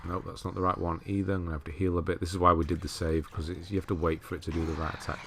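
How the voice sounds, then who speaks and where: A man giving relaxed, chatty commentary over a game walkthrough, laughing at himself and correcting his own words. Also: low-pitched, racing, gravelly, slight background noise. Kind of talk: casual gameplay commentary.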